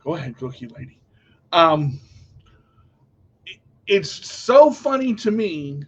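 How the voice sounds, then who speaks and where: A man telling a story casually to camera as a vlogger, animated and jumping to loud outbursts when retelling panic. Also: fairly high pitch, slow, muffled recording.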